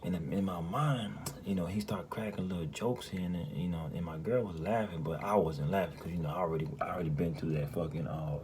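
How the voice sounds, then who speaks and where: A man's voice: low voice, fairly quick, hardly any pauses, darkish tone, slight background noise. A man from New Orleans with a New Orleans accent, telling a personal story to camera in a loose, profane way, packed with "you know" and "you hear me".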